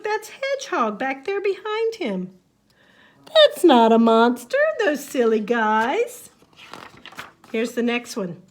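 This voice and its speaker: Woman reading a kids' picture book, high bouncy voice, takes it slow. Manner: expressive, sing-song, shifting into character voices. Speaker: storybook reader.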